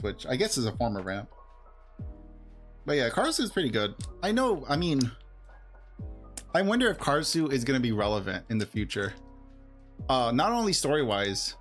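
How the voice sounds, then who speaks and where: Excitable male streamer chatting over music. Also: mid-range voice. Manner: excitable, laughs often, rambling with fillers. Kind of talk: casual livestream chat while opening cards.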